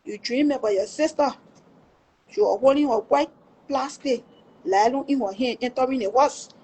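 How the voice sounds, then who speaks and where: Middle-aged Liberian woman, high voice, emphatic and pleading, giving personal testimony. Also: moderate pace, a little mellow, breathy edge. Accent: Liberian English. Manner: emphatic, pleading, swears before God. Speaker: livestream storyteller.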